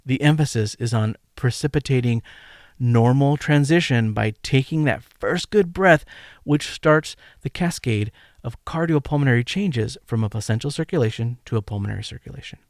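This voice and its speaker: A man hosting a medical teaching podcast, delivering a scripted lecture in a measured, emphatic way and counting out rhythms aloud. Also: medium pitch, no room sound, studio quality. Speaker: podcast host and medical educator.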